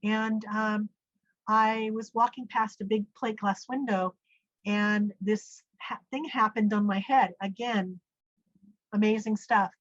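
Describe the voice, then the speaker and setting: A middle-aged woman, a podcast guest, tells a personal story with animation and acts out what people said. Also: no room sound. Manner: animated storyteller, acts out quoted speech with big pitch jumps. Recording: dull, dry lo-fi audio.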